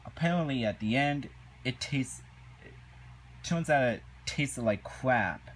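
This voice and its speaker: A man giving a casual, indignant review of a cartoon episode, halting and repeating himself as he recaps. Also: medium pitch, expressive, slight background noise, low-quality recording.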